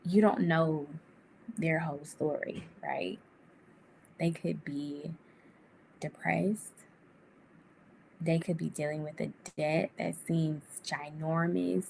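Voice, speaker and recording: A woman vlogger talks to camera from a room at home, loose and chatty, her pitch leaping up when she gets excited. Her voice sits low with a gravelly edge. A faint hiss runs underneath. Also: takes it slowly, long pauses. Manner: chatty, animated, laughs often, sudden pitch jumps. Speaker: vlogger giving life advice. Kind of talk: casual talk to camera. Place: indoor room.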